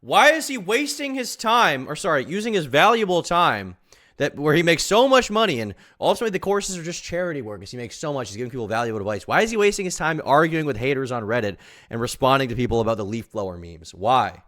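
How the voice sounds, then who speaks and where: A man streaming a live reaction, mocking and incredulous, swinging between loud rants and quiet asides. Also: medium pitch, very animated, fast talker.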